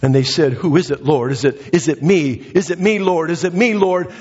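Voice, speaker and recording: Breathless preacher in an echoey hall. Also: male voice, moderate pace, a little mellow, breathy edge, muffled recording. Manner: emphatic, repeats phrases, dramatic pitch swings. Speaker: pastor. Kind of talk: sermon. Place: church sanctuary.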